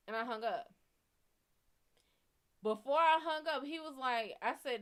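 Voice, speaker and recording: A woman's voice: sits high, normal speed, long pauses, a bit bright. A woman hosting a show, telling a story in a blunt, profane and heated way. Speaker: psychic reader and show host. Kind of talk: casual storytelling.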